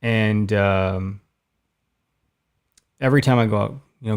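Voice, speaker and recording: Guy in his 30s, gravelly voice, casual podcast chat, gets animated telling stories. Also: on the low side, measured pace, pauses often. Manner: animated storyteller, acts out voices in anecdotes. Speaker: podcast co-host.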